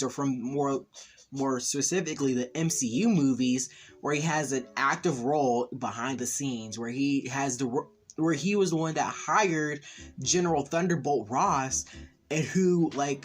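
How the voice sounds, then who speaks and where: A man casually recapping and reviewing a TV episode, rambling with lots of "like" and excited fan enthusiasm. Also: medium pitch. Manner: rambling, heavy use of "like". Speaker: TV series reviewer.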